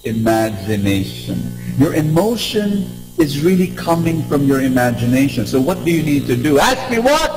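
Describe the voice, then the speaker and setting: A man giving an inspirational talk to a live audience, animated and engaging, asking questions and leading call-and-response. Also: medium pitch, moderate pace, hardly any pauses, over music, rough recording. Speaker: motivational speaker.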